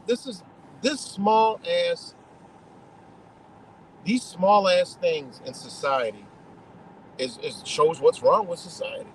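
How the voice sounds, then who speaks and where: A man's voice: a little high, a little hiss or hum, low-quality recording. A man ranting heatedly to his live stream audience, swearing a lot and circling back over his points in an emphatic, repetitive way. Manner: repetitive, restarts mid-thought. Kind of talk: profane ranting monologue.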